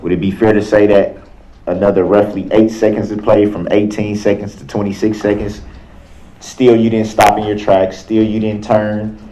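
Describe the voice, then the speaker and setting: A man questioning a witness in a courtroom, with halting, repetitive phrasing and frequent restarts. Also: lowish voice, mellow. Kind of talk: courtroom cross-examination. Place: large courtroom. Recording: echoey courtroom, dull lo-fi sound.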